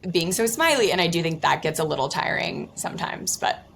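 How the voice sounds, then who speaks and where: A woman's voice: on the low side, expressive, fairly quick, creaky, a bit bright, slight background noise. A young woman content creator talking casually as an interview guest, chatty and full of "like". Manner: chatty, lots of "like" and fillers.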